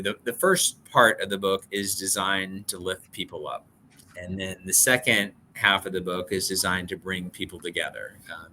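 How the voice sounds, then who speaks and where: A man's voice: low voice, pushed and bright, slight background noise. A middle-aged man, an author guest, telling personal stories in an earnest, heartfelt way. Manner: earnest, emotional storyteller. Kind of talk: storytelling interview talk.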